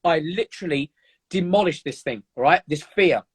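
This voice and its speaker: An emphatic man talking earnestly as a guest about mindset, repeating words for force. His voice is fairly high and has a husky edge. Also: animated, moderate pace. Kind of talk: motivational casual chat.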